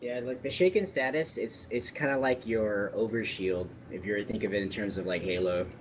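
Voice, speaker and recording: A man's voice: fairly low pitch, brisk, a little hiss or hum. A man playing in a tabletop game, chatting casually and stumbling over repeated words. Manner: hesitant, repeats his words. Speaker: player.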